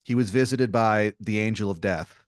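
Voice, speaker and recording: A man hosting an improvised comedy podcast, laying out a long scenario with halting restarts. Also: on the low side, no room sound, studio quality. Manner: rambling, hesitant setup full of restarts. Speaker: podcast host.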